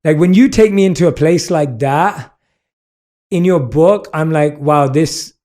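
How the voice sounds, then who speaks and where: A British man hosts a casual interview chat on a podcast, his voice on the high side, a little slow and darkish in tone. He talks earnestly and effusively, heaping on praise and reading aloud from a book.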